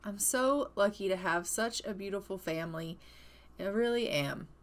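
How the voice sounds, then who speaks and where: A woman voicing a gentle young father who coos tenderly over his baby sons. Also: medium pitch, normal speed, natural voice. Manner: tender, cooing.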